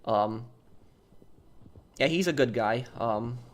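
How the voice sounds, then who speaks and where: A man's voice: mid-range voice, slow pace. A young man chatting casually on a live stream, answering viewers and rambling with lots of ums, uhs and repeated words.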